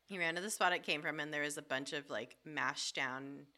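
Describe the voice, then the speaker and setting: A woman's voice: low-pitched, steady tone, a little fast, hardly any pauses, pushed and bright. A woman co-hosting a podcast in casual chat, telling stories in a laid-back way. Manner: laid-back storyteller, laughs often. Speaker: podcast co-host.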